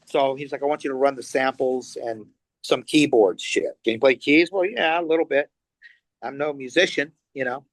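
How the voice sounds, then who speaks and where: A middle-aged Los Angeles man, a guest musician in a casual interview, tells animated stories, acting out quotes and swearing freely. His medium-pitched voice moves at a normal speed, with no room sound in the recording.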